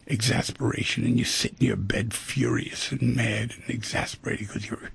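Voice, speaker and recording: Flat and steady at a medium pitch, the host talks at a moderate pace with few pauses, his voice creaky, fairly bright and slightly rough. It's a conversational reflection on relationships, complete with acted-out snippets of dialogue.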